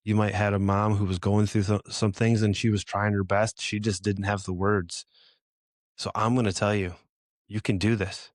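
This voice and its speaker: A man's voice: on the low side, level tone, normal speed, no room sound, studio quality. A middle-aged man hosting a podcast, giving earnest, encouraging advice to fathers in a direct way. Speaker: podcast host. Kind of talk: motivational talk to fathers.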